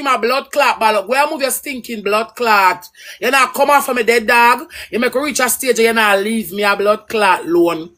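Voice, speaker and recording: Woman, Jamaican accent, livestream rant, angry, cursing, somewhat high voice. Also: moderate pace. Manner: angry, cursing, loud and swooping.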